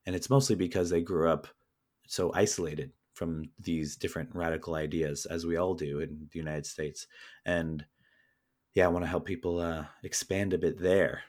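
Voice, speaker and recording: Low-voiced man speaking earnestly. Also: steady tone, normal speed, darkish tone. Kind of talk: conversational interview.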